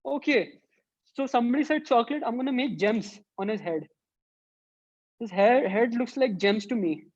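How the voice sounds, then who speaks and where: A woman's voice: a little high, moderate pace, darkish tone, muffled recording. A woman who teaches an online drawing workshop for children and thinks aloud as she sketches. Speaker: art teacher.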